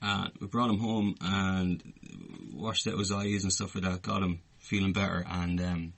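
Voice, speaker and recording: An Irish man, co-host of a podcast, telling a story in casual chat, animated and swearing freely. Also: sits low, normal speed, creaky. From Ireland.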